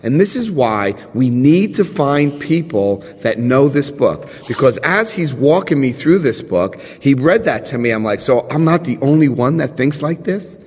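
Animated man telling his story in a reverberant hall. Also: medium pitch, normal speed, hardly any pauses, husky. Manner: animated, retells dialogue with emphasis. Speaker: speaker at a recovery meeting. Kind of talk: sharing story and reading aloud at a meeting.

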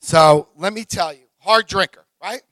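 A man in his forties speaks to a large audience. He tells a personal recovery story with energy, acting out the voices of the people in it and whooping at its high points. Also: measured pace, a bit bright, no echo. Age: 40s. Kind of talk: live talk to an audience.

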